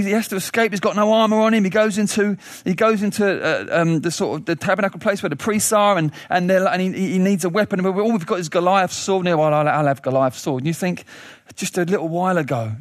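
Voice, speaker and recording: A man preaching a sermon, telling a story with lively restarts and questions. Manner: animated storytelling, rising pitch in questions; frequent restarts and thinking aloud.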